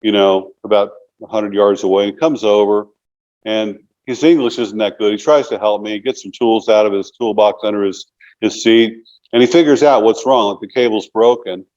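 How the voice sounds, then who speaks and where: A man's voice: lowish voice, moderate pace, a little mellow, muffled recording. Rambling man in his sixties telling stories. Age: 60s. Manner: rambling, many "you know" fillers. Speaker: interview guest. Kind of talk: casual storytelling interview.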